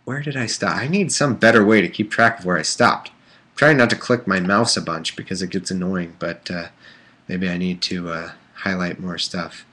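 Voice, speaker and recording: A man with a deep, sharp-toned voice reads the Bible aloud at a moderate pace on a casual livestream. Between scripture passages he breaks off into irreverent jokes and rambling asides packed with fillers and restarts.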